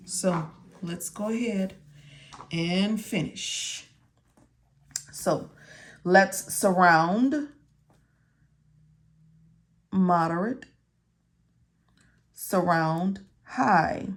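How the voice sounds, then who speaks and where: Woman instructor, unhurried, repetitive step-by-step lesson voice. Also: lowish voice. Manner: slow, repetitive, talks to viewers as if they can answer. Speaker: medical coding instructor. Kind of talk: study walkthrough lesson.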